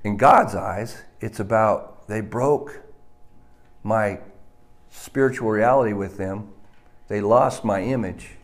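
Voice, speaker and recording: A man preaching a sermon, swinging between loud stressed words and hushed, low lines. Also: slow, long pauses. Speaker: pastor.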